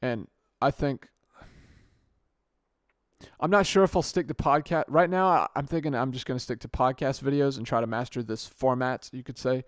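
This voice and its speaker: A man's voice: medium pitch, normal speed, no echo, clean studio sound. A young man hosting his own podcast, talking off the cuff on a good microphone, rambling and often restarting or correcting himself mid-sentence. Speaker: podcast host. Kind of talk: casual solo podcast monologue.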